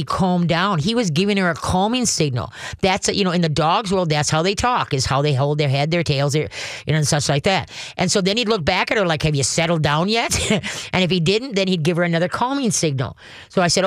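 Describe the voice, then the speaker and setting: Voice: mid-range voice, fairly bright tone, no echo, clean studio sound. A dog trainer giving call-in advice in a folksy, rambling way, often checking in with "okay?". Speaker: dog trainer answering a caller.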